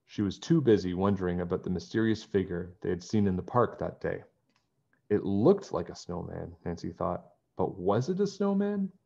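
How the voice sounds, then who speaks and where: A man reading a children's chapter book aloud in a friendly, expressive storytelling manner, on a dull lo-fi recording. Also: sits low, normal speed, creaky. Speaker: storybook reader.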